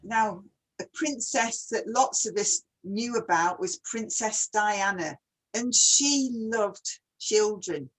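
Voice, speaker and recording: A woman's voice: mid-range voice, animated, takes it slowly, low-quality recording. A woman hosting a casual online chat, who talks readily and keeps asking her guest questions. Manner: chatty, asks many questions. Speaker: host.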